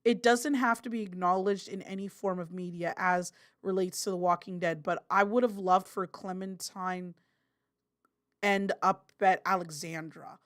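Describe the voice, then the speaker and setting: A woman hosting a casual live stream, reading out viewer chat in a chatty, rambling way, often apologizing and breaking into loud, excited bursts. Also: fairly low pitch, moderate pace. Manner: apologetic and rambling, with many fillers.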